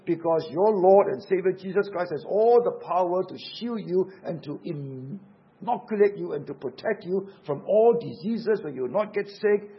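A man's voice: sits high, lo-fi sound. A man preaching a sermon in an earnest, emphatic way, repeating key words for weight. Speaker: pastor.

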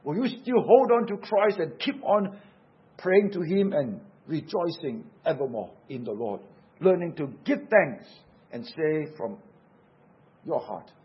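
A man's voice: fairly high pitch, lively intonation, a little slow. Earnest male preacher, lo-fi sound. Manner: earnest, emphatic preaching with repeated phrases. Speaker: pastor. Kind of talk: sermon.

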